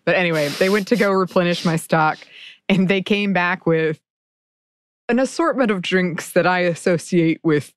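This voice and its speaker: Woman podcast host, easygoing chat, lots of laughs and murmurs, lowish pitch, dry sound. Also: moderate pace, dry recording. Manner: warm-humored, lots of affirming murmurs. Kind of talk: casual chat.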